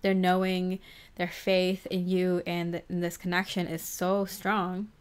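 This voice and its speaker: A woman's voice: lowish voice, monotone, a little slow, clean tone. A woman giving a casual pick-a-card tarot reading, chatty and giggly, filling her talk with "like". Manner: chatty and giggly, heavy use of "like". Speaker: tarot reader.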